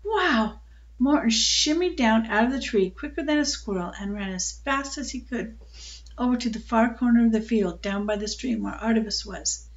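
An older woman reading a children's book aloud, telling it in a calm, unhurried way with small slips. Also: a little high, lo-fi sound. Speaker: storyteller.

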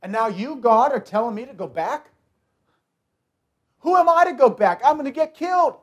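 A man's voice: extremely high pitch, lively intonation, a little fast, breathy edge, muffled recording, exaggerated voice. A man preacher speaking as a reluctant Hebrew man who fled Egypt, in a folksy first-person telling. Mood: rueful.

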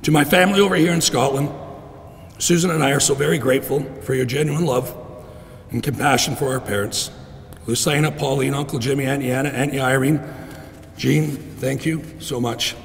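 A middle-aged man giving a heartfelt funeral eulogy for his father in a church, clearing his throat often. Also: medium pitch, fairly even intonation, a little fast, slight background noise. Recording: long reverb in a church.

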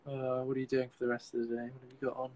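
A man's voice: medium pitch, completely flat delivery, very fast, a little mellow, slight background noise. A man hosting a casual live video chat over a phone, easygoing and teasing.

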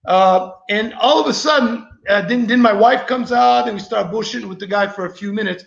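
A man's voice: high voice, a little fast, vocal fry. A man hosting a vlog, telling a rambling story to his viewers in a casual, chatty way. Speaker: vlogger host. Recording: echoey, slightly dull recording.

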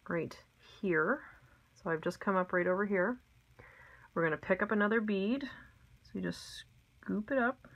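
A middle-aged woman sits at her desk at home teaching a craft step by step in a mid-range voice at normal speed. She is chatty and homey, full of ums and asides, though the audio quality is poor.

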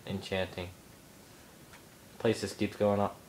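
A young man giving excitable let's play commentary, yelping and mock-outraged as he explores. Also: low voice, takes it slowly, slight background noise. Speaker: gamer.

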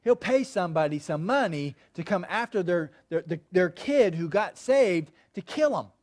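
A man preaching a sermon in a chatty style, checking in with "okay" and building to loud, emphatic points. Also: sits high, expressive, moderate pace. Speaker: pastor.

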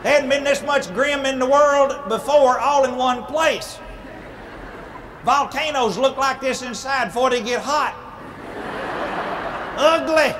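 Man, 40s, humorist minister, animated comic storytelling, drawling, high voice, hissy live event recording. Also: slow, pauses often. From Southern United States. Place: speaking event hall.

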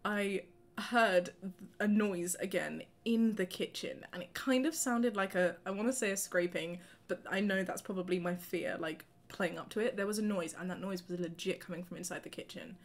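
A woman co-hosting a game stream, chatting casually and telling an animated story with frequent laughter. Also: medium pitch, normal speed. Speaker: gaming streamer co-host. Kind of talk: casual chat while playing.

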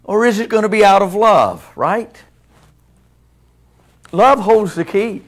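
A man's voice: high voice, lively intonation, slow pace. A man preaching a sermon in a church, in a conversational way that keeps asking the congregation questions. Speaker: pastor. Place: church sanctuary.

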